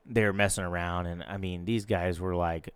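Smooth-voiced man telling a story. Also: low voice, normal speed, dry recording. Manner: animated storyteller, laughs as he talks. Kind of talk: casual chat, storytelling.

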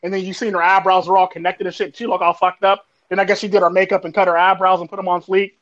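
A man's voice: high-pitched, level tone, quick pace, a bit bright. A man hosting a casual panel chat, slangy and laughing often. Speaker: show host. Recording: dull lo-fi audio.

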